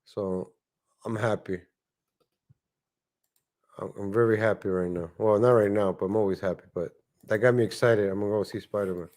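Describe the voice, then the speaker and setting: A man's voice: on the low side, fairly even intonation, moderate pace, long pauses, darkish tone. A man hosting a casual livestream, chatting and joking in rambling asides. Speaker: livestream host. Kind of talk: casual live-stream commentary.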